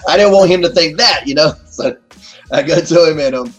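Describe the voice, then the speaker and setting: A middle-aged man telling stories as a guest in a casual interview, animated and full of profanity. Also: fairly high pitch, a little fast, lo-fi sound, soft background music.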